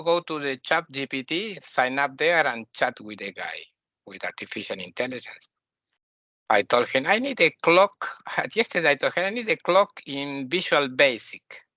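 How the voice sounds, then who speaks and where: A man from Argentina with an Argentinian Spanish accent, a native Spanish speaker giving an informal spiritual lesson in English, animated and repeating words as he mocks the ego in quick asides. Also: medium pitch, dry recording, muffled recording. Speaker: spiritual teacher.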